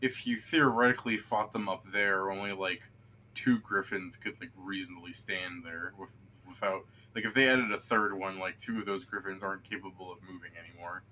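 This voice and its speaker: A man's voice: sits low, fairly even intonation, a little fast, pushed and bright, a little hiss or hum. A man running a tabletop game as game master, rambling with many fillers and restarts.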